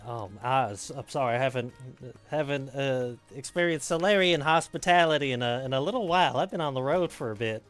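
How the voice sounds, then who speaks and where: A man voicing a reserved woman traveler, apologetic and halting. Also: medium pitch, lively intonation, fairly bright tone, smooth, soft background music, close to an everyday voice. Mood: polite.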